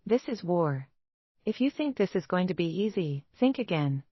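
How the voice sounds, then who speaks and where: A woman's voice: lowish voice, very animated, normal speed, breathy edge, no room sound, dull audio. A woman narrator voicing a cool, intimidating female lawyer with an English accent. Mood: cold. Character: crisp sharp English woman lawyer, cutthroat.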